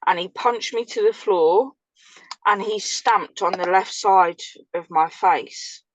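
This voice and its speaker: A woman's voice: medium pitch, slow, slight background noise, low-quality recording. An English woman, a former prisoner, telling her story in casual chat, blunt and vivid, swearing freely. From England.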